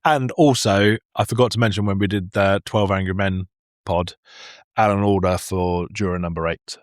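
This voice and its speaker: A man's voice: deep voice, normal speed, no echo, clean studio sound. A man in his thirties co-hosting a podcast, playful and laughing as he talks about films. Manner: playful, laughing, animated asides. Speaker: podcast co-host. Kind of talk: casual film chat.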